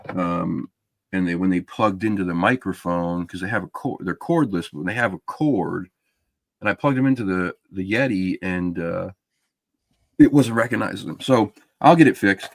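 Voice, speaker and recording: Male host, low gravelly voice, rambling casual chat, dry close mic. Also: normal speed, no room sound. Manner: rambling, chatty, many fillers. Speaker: podcast host. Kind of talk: casual live-stream chat.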